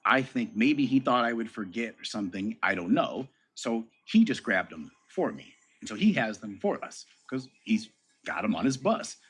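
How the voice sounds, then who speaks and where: Husky-voiced man telling a story. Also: fairly low pitch, big pitch swings, normal speed, a bit bright. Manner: easygoing storyteller who acts out dialogue. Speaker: interview guest recounting a story. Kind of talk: casual anecdote.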